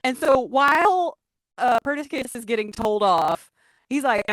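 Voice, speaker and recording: A woman's voice: sits high, animated, moderate pace, dry recording, rough recording. A woman co-hosting a podcast, chatting casually and animatedly retelling scenes, acting out the characters' lines with lots of laughter. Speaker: podcast co-host. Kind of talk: casual recap chat.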